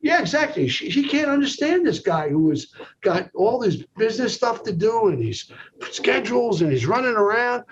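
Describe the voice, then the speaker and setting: A man's voice: sits high, very animated, moderate pace. A man, a psychologist being interviewed, telling a long anecdote and checking in often with "okay". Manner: storytelling, peppered with "okay". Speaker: psychologist guest. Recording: dull lo-fi recording with faint noise.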